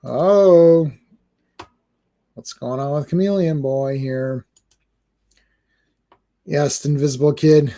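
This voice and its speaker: Rambling mellow-voiced man, comics chat. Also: a little high, slow pace, pauses often. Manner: rambling, stammers and repeats words. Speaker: comics podcast host. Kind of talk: casual chat while reading comics live.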